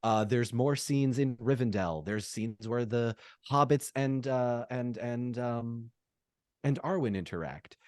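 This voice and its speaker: A man in his thirties, a podcast guest, telling stories in a rambling, animated way with quick laughs. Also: medium pitch, no echo, studio quality. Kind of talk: casual podcast chat.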